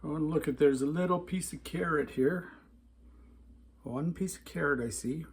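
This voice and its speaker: A man's voice: on the high side, moderate pace, slight background noise. A man from North America giving a casual food review at home in his kitchen, blunt and openly disgusted.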